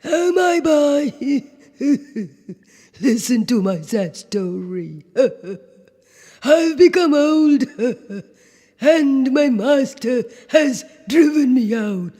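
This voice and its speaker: A woman's voice: high-pitched, expressive, very slow, warm tone, husky, pitched above the performer's own voice, full character voice. A woman voicing an old, weak, hungry male donkey that quavers and breaks into laughs. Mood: pitiful. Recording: long reverb.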